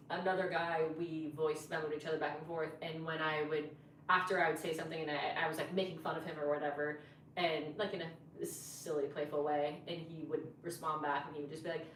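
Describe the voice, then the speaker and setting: A woman's voice: deep voice, brisk, distant mic, slight background noise. A woman comedian telling a story in a casual podcast chat, chatty and full of fillers. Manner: chatty, animated retelling with lots of fillers. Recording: echoey room, voice from off mic.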